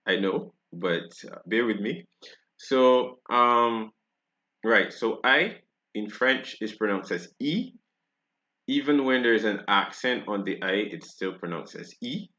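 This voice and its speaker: A man's voice: on the low side, takes it slowly, pushed and bright, highs cut off. A man from Barbados with a Barbadian accent, giving a French pronunciation lesson and checking in with "right?" after each point. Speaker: French teacher.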